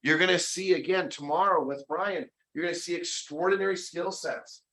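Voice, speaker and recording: An energetic man leads a sales training session and drives home his points with emphasis. His voice sits a little high and has a bright, sharp edge. He often slips into quick quoted exchanges between agent and client. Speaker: real estate sales trainer. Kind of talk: motivational training talk.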